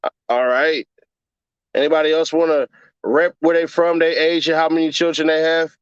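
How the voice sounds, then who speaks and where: A man's voice: a little high, level tone, moderate pace, clear, resonant tone, no room sound, muffled recording. A man, hosting a casual livestream and ranting with profane jokes. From Chicago, USA. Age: 30s. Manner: profane joking rant, puts on mocking voices. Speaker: livestream host.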